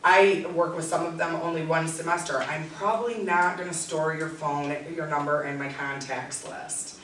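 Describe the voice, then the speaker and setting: A tutor giving a practical workshop talk, speaking directly and with many pauses and ums. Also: medium pitch, fairly bright tone. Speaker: tutor and SI leader presenting. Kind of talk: workshop presentation. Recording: echoey room, distant mic, faint noise.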